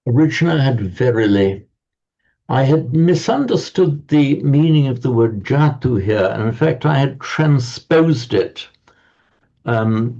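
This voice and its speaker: Slow, halting male teacher. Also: fairly low pitch, gravelly, warm tone, dull audio. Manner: slow, stammering restarts, chanting verses. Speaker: Sanskrit teacher. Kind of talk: online class explanation.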